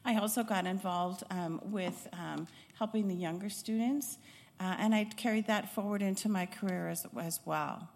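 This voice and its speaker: A middle-aged woman from Chicago recounts her years as a pediatric nurse in an unhurried, reflective way, pausing often to find her words. Her voice sits at an ordinary pitch for a woman. A long hall reverb trails behind every phrase. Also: creaky, darkish tone. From Chicago, United States. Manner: reflective, unhurried storytelling with frequent hesitations. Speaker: former pediatric nurse and nursing instructor. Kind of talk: personal life-story talk.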